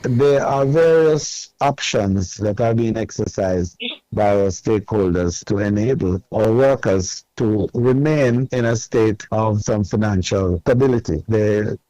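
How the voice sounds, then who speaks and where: A man's voice: fairly low pitch, mellow, dry recording. Man in a dull, muffled interview clip. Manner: formal, measured officialese. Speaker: tourism minister.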